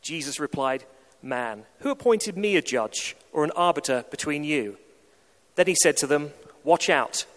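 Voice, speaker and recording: A man giving a steady, plain Bible reading aloud to a congregation. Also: fairly high pitch, unhurried. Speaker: scripture reader. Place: church. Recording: long church hall reverb.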